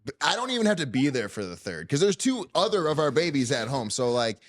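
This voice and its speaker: A man's voice: medium pitch, sing-song, quick pace. A man hosting a podcast, telling a story in a loose, joking casual chat. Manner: loose and joking, heavy use of "like". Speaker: podcast host.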